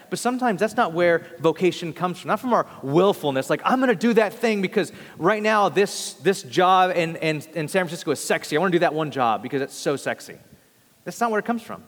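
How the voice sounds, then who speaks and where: A young adult man, a pastor, preaching a sermon in an earnest, conversational way, often restarting his phrases. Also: fairly high pitch. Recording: long hall reverb.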